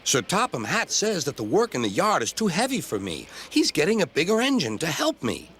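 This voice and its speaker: A man voicing a cheerful, eager little male tank engine, chirpy and excited. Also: on the high side, brisk, a little hiss or hum, voice pushed up, exaggerated voice. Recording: background music.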